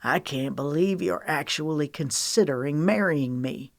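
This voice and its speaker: A woman voicing a stubborn, gruff young male cowboy in an audiobook, speaking curtly and bluntly. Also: deep voice, measured pace, no echo, clean studio sound. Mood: annoyed. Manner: curt and blunt. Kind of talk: audiobook character reading.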